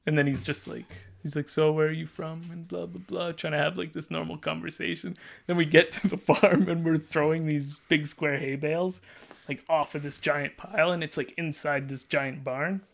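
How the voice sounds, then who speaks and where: A man's voice: a little high, fairly even intonation, normal speed, creaky, a bit bright. A man casually telling a long story as a podcast guest, rambling with lots of "like" and restarts and laughing as he goes.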